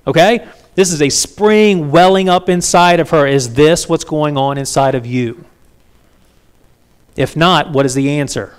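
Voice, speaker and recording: Pastor with a fairly high voice. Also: male voice, measured pace, clean tone. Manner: conversational, asks the congregation frequent questions. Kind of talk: sermon.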